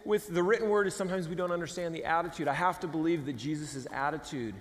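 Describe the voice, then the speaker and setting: A man's voice: fairly high pitch, fast talker. A man preaching a casual, humorous sermon as pastor, acting out little voices for his stories. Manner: animated, jokey, acts out voices. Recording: long hall reverb.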